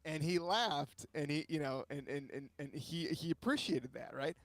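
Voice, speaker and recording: A man's voice: fairly high pitch, moderate pace, no echo. A man hosting a talk show, rambling and repeating words as he tells a story. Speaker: show host. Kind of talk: casual chat.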